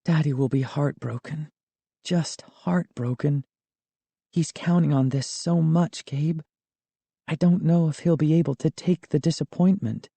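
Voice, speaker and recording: Man voicing a worried young girl, higher voice, soft and pleading, storybook, dry close sound. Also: a little slow, gravelly, no echo. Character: worried young girl, anxious about her father.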